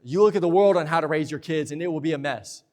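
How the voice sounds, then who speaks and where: A young man preaching a sermon in a church, lively and talkative, slipping into playful asides. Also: fairly high pitch, fast talker. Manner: lively preaching, acts out husband and wife exchanges in asides. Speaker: pastor. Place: church sanctuary.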